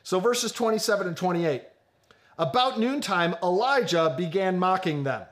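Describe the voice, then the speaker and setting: Male pastor, high voice, animated sermon delivery with humor. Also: normal speed. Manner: animated, joking, addresses congregation directly.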